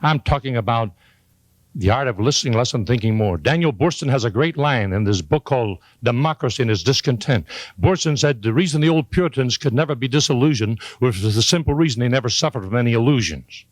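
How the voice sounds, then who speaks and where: An older man, a motivational speaker, talks fast as he gives a folksy, joking speech to a live audience. His homespun delivery swings up to high, excited peaks, and the recording has no echo.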